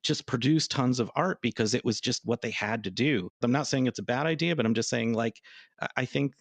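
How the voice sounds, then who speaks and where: A man's voice: mid-range voice, a little fast, dry recording. A man co-hosting a podcast, chatting casually in a talkative, playful way. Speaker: podcast co-host.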